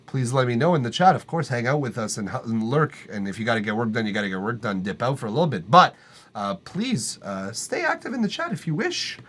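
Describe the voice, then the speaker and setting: A man's voice: medium pitch, expressive, fast, a bit bright. A man from Montreal hosts a live music feedback stream from his home studio. He chats loosely, laughs a lot and swears freely as he reads messages from the chat aloud. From Montreal, Canada. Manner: chatty and profane, reading chat aloud and laughing. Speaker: livestream host reviewing music.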